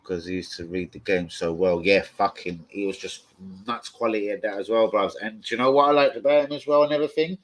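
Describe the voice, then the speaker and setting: A man hosting a fan live stream, answering viewer comments in foul-mouthed, rambling, excitable rants. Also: lowish voice, fast, few pauses, rough recording. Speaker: football fan channel host.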